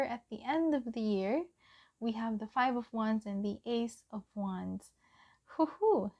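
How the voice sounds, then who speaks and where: A young woman from the Philippines giving a gentle pick-a-card tarot reading, often dropping to a whisper. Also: mid-range voice, creaky. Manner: gentle, soft-spoken, often drops to a whisper. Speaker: tarot reader.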